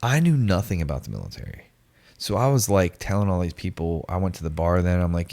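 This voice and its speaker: A man in his forties telling a story casually on a podcast, slangy and animated, acting out the voices of the people in it. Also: deep voice, fast, creaky. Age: 40s. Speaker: podcast guest.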